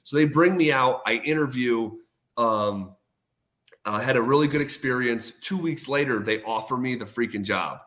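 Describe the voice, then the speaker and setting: A man's voice: medium pitch, moderate pace, a bit bright. A man in a casual interview, retelling a career story with lots of quoted dialogue, fillers and restarts. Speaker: sports radio host, guest.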